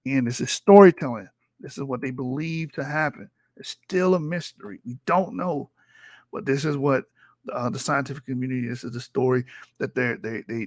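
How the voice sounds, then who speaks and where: A livestream host reads textbook passages aloud and argues back at them, growing more combative and profane as he goes. His voice is medium-pitched at a normal speed. It comes through a streaming mic with a dry, studio-quality sound.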